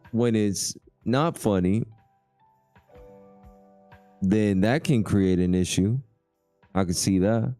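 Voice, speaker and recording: A man with a low, warm and smooth voice hosts a relaxed livestream. He talks in a laid-back way and reads viewer comments aloud, close to the mic in a dry room. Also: dry recording. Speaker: livestream host. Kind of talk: casual livestream chat.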